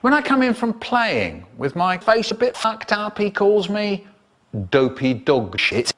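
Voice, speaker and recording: Slow theatrical male storyteller. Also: high voice, big pitch swings, fairly bright tone. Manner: theatrical, drawn-out, exaggerated pauses and voices. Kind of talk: comic storytelling, spliced into a remix.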